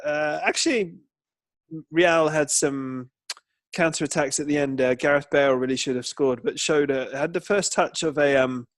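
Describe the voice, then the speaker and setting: A man co-hosts a casual football chat, spinning dry jokes as he recounts matches. His voice sits a little high. The recording is close and dry. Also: normal speed, dry recording. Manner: dry joking storytelling. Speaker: co-host.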